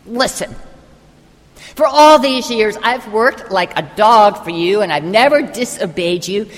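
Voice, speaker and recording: A woman's voice: mid-range voice, animated, unhurried, long reverb tail. A woman preacher voicing a resentful older brother who complains indignantly. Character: resentful grown older brother, bitter and aggrieved.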